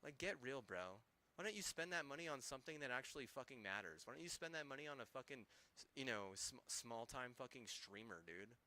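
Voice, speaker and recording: Young male streamer, bright and forceful tone, foul-mouthed rambling rant. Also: medium pitch, animated, a little fast. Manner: profane, heated, constant swearing; rambling, with many restarts. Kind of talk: ranting live-stream commentary.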